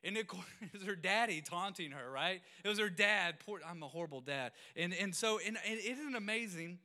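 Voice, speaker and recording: A man in his thirties preaching, telling animated, self-mocking stories with sudden loud exclamations. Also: high-pitched, brisk. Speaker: pastor. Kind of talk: storytelling sermon.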